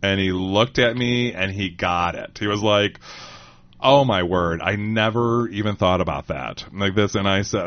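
A man co-hosting a casual chat, telling a story in a rambling way with many fillers and laughs. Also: on the low side. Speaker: co-host. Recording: slightly muffled lo-fi audio.

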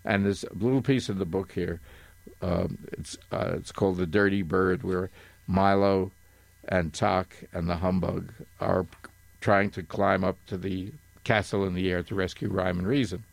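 An older man reading a passage from a book and chatting, halting and correcting himself, with frequent chuckles. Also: sits low, fairly even intonation, gravelly, no room sound. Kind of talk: reading aloud and casual chat.

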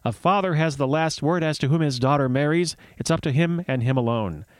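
An indignant, proud thunder god who commands rather than asks, voiced by a man reading a myth on the radio. His voice sits a little higher than the reader's own, and the recording is dry and close. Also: brisk, no room sound, close to an everyday voice. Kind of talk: dramatic read-aloud of a myth.

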